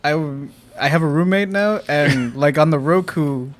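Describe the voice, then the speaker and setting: A young man guesting on a casual podcast, telling stories in an animated way and laughing a lot. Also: fairly high pitch, normal speed.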